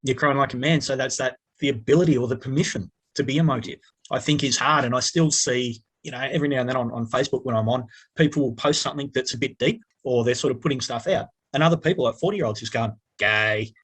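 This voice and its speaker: A man's voice: medium pitch, quick pace, few pauses, husky. A man in his forties, a podcast guest who talks in a reflective, earnest way with a lot of fillers. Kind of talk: casual podcast interview.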